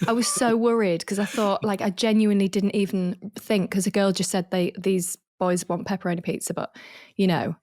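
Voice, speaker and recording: A woman from Yorkshire co-hosts a casual sports chat, laughing her way through an animated story. Her voice sits at a middle pitch and sounds dry and close, with little room around it. She talks in a loose, lively way. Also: fairly quick, no echo. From Yorkshire, England. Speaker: podcast co-host.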